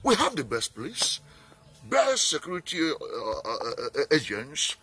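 A Nigerian man makes a heartfelt appeal for peace, pleading and repeating himself as he goes. His voice sits high and rises and falls a great deal. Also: huge pitch swings, measured pace, bright, forceful tone, husky. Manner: pleading, repetitive, earnest. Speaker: peace campaigner. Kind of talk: impassioned appeal speech.

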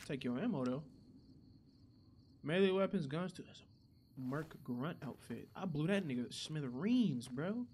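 A young man giving casual, profane gameplay commentary who reacts loudly to the action. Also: on the high side, expressive, a little slow, pauses often, background noise. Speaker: gaming channel host.

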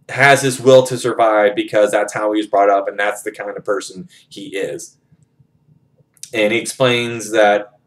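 Casual male book reviewer, lowish voice, loose and profane, heavy on fillers. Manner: rambling, profane, lots of "you know". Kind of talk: casual retelling of a novel.

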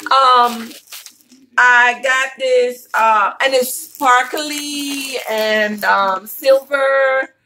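A woman's voice: on the high side, pushed and bright, a little hiss or hum, poor audio. A woman vlogger chatting casually and playfully to her viewers while showing a shopping haul.

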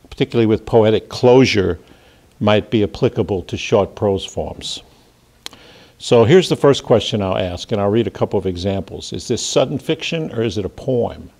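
A man, a creative writing professor, leading a seminar lecture in a halting way, with fillers and restarts. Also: fairly low pitch, darkish tone.

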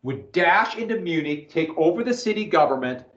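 A man's voice: a little high, lively intonation, moderate pace, fairly bright tone. A male history teacher lecturing an online class from home, rambling and breaking off to check his connection. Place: home room. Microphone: computer mic on video call. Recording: echoey dull video call audio.

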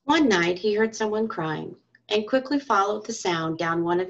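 A woman reading a storybook aloud to school children and parents, in a calm, expressive storytelling manner. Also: medium pitch, moderate pace. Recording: dull lo-fi recording.

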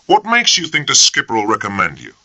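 A man's voice: low-pitched, sing-song, moderate pace, sharp tone, dry recording, voice pushed up, exaggerated voice. A man voicing a coarse, sarcastic and bullying first lieutenant who talks with peevish scorn. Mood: sneering.

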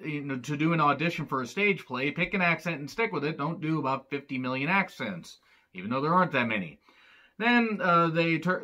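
A man's voice: fairly high pitch, pushed and bright. A man giving a casual recap of an old wrestling show, exasperated and sarcastic, swearing often as he rants. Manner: profane, exasperated ranting.

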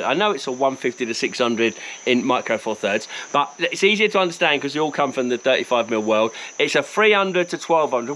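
Out in the bush, a Cockney-accented man who photographs wildlife chats enthusiastically to camera about his gear, mocking himself as he goes. The voice is fairly high, pushed and bright, with slight background noise and poor audio.

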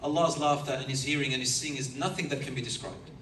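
A man preaching a sermon, an animated storyteller who chuckles between his points. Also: mid-range voice, fast talker, a little hiss or hum. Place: lecture hall. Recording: echoey hall, mic from far off, faint ambience.

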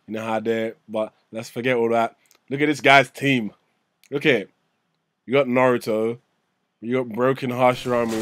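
A man hosting a gaming channel, giving excitable live commentary on a fighting game, swearing and yelling at his opponent. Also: medium pitch, normal speed, pauses often. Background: game music.

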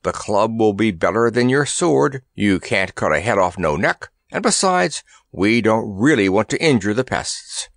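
A man voicing a grumpy, proud male elephant in a storybook reading, with a gruff, grumbling manner. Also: fairly low pitch, expressive, unhurried, few pauses, dry recording, clean studio sound.

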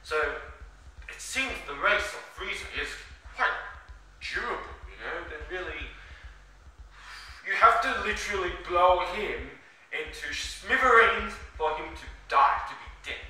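A man's voice: sits high, animated, a little slow, bright, forceful tone, slight background noise. A man casually recapping an anime episode, rambling with many fillers and restarts. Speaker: anime reviewer. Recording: echoey room, distant mic.

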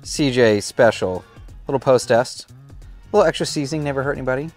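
A man's voice: mid-range voice, brisk, a little mellow, soft background music. A man hosting a cooking show, demonstrating a recipe in an upbeat, chatty way that often restarts mid-sentence. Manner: upbeat, chatty, self-interrupting.

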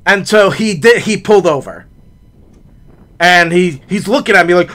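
Male hiking vlogger, bright lively voice, dramatic storyteller. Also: high voice, unhurried, long pauses, slight background noise. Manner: dramatic, builds up to shouted reenactments. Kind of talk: animated storytelling. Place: outdoor forest trail.

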